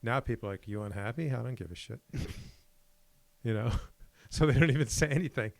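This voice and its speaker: A man's voice: medium pitch, moderate pace, gravelly, a little mellow, no echo. A man co-hosting a podcast, rambling casually and acting out quoted exchanges. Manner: rambling, laughs often, acts out quotes. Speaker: podcast co-host.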